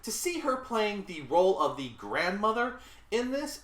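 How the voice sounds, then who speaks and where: A Southern US reviewer in their thirties delivers a blunt, casual movie rant, exasperated and apologizing again and again between complaints. The voice is medium-pitched and sing-song, fairly bright, at a normal speed, with roomy echo on the recording.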